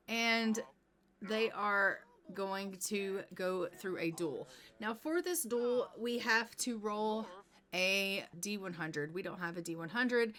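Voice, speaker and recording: A woman's voice: mid-range voice, lively intonation, slow pace, fairly bright tone. Chatty woman narrating a life-sim game. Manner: chatty, many "you know" fillers, narrates what characters do. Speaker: gameplay streamer. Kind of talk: casual gameplay commentary.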